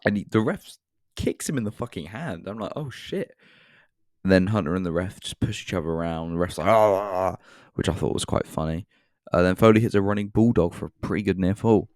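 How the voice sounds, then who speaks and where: A British man talks through a wrestling show in a loose, casual review, dropping dry sarcastic jokes between frequent ums. His voice sits low and deep, recorded close and dry with no room sound. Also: fast talker, a little mellow, no room sound.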